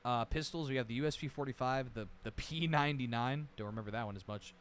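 A man's voice: mid-range voice, fast, a bit bright, a little hiss or hum. A man streaming a game, chatting casually as he reads through weapon lists, rambling and swearing now and then. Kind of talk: casual livestream commentary.

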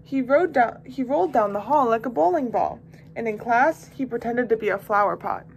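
A woman volunteer reading a children's picture book aloud with expressive, lively storytelling. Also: fairly high pitch, moderate pace, creaky, dull audio, a little hiss or hum. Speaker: volunteer reader.

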